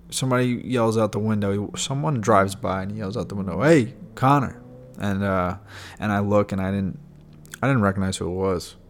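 A man's voice: fairly low pitch, slight background noise. A young adult man frankly telling his personal story in a casual, unscripted way, with frequent fillers and the odd swear word. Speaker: podcast guest sharing his recovery story.

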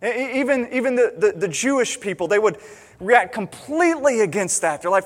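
A man's voice: high-pitched, expressive, brisk, big-room sound. A male pastor preaching a sermon in a conversational way, often restarting and correcting himself.

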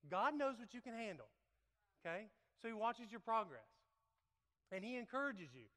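A man's voice: sits high, sing-song, moderate pace, sharp tone. A man preaching to his congregation, playful and laughing as he works a live demonstration into the sermon. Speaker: pastor. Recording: echoey hall reverb.

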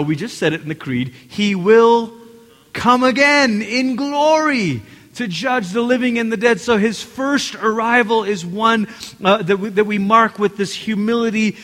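Male pastor, high voice, lively preaching style, big reverberant church hall. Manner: animated, acts out quotes, addresses congregation directly. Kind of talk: sermon.

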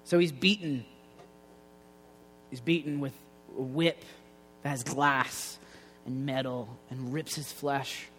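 A man preaching a casual sermon in a loose, slangy way, going soft and low on quoted lines. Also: big-room sound, a little hiss or hum. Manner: conversational, slangy, drops quiet for quoted lines.

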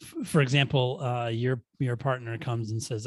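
A man co-hosting a podcast as a therapist, talking in a hesitant, soft-spoken way. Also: mid-range voice, steady tone, normal speed, no echo. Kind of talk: casual conversation.

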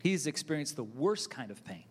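A man with a mid-range voice speaks as a pastor leading a church interview. He talks in an animated, preacherly way. His voice trails into the long reverb of a large hall. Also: mid-range voice, normal speed. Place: church auditorium.

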